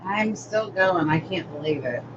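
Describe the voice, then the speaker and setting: A woman's voice: fairly low pitch, unhurried. An older woman hosting a live-stream craft tutorial, rambling chattily and greeting viewers by name as she works. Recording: dull lo-fi audio with steady noise.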